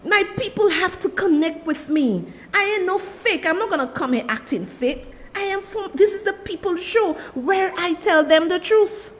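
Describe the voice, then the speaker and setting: A woman's voice: very high-pitched, lively intonation, normal speed. A woman with a Saint Lucian accent hosting a political talk show, delivering impassioned commentary and talking straight to her audience. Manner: impassioned, repeats "let me tell you", addresses the audience as "people".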